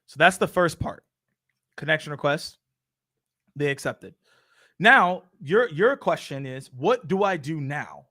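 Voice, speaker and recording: High, lively man hosting a Q&A. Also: unhurried, pauses often. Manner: energetic, playful, addresses audience as y'all. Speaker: show host. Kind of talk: live Q&A stream.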